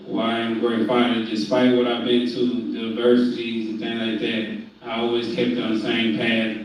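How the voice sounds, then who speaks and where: Man, boxer, press conference, determined, flat delivery, far-off echoey hall, faint noise. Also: on the low side.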